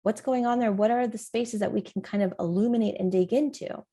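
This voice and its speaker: A middle-aged woman, a parent coach, hosts a parenting podcast on her own, speaking earnestly and encouragingly. Her medium-pitched voice is warm, with fairly even intonation and a slightly quick pace.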